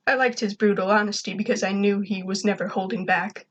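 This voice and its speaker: A woman reading fan fiction aloud in plain, even first-person narration. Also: mid-range voice, brisk, hardly any pauses. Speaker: reader.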